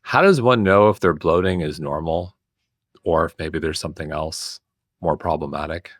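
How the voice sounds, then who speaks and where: A man hosting a podcast, asking questions in a relaxed, conversational way and often repeating words as he starts. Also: a bass voice, moderate pace, no room sound, studio quality. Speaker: podcast host. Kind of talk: casual podcast interview.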